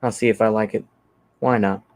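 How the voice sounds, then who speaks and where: Speaking a little fast in a lowish, darkish voice with fairly even intonation, this channel host from Texas rambles through his livestream. He's relaxed and casual, thinking aloud and leaning on lots of fillers while reacting to viewer comments.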